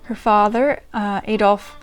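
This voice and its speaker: Woman, diary-reading host, casual chat, self-deprecating, mid pitch. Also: steady tone, a little slow, faint music behind. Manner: chatty, self-deprecating, many ums and restarts. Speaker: channel host reading old diaries.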